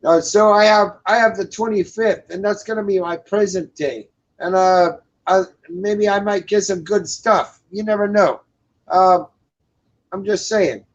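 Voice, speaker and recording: A man's voice: sits high, steady tone, a little slow. Crude, rambling man on lo-fi audio. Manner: crude, rambling, repeats himself with many fillers. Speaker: co-host. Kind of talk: casual profane chat. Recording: dull lo-fi sound.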